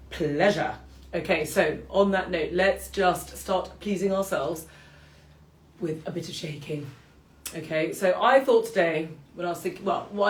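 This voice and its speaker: Speaking in a lowish voice, a British qigong teacher leads her morning class as a live stream from home while dogs wander around. Her chat is relaxed and self-deprecating, punctuated by frequent laughter, and the room has an echo.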